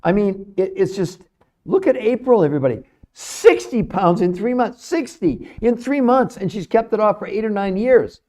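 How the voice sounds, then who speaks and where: A man's voice: high-pitched, darkish tone. A middle-aged man hosting a live stream, talking to chat viewers in an emphatic, salesy way and repeating his points for effect. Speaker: livestream host, nutrition researcher.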